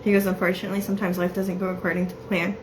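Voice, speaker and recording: A woman giving a casual psychic reading, chatty and laughing often as she quotes messages in quick bursts. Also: medium pitch, level tone, background noise. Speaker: psychic medium.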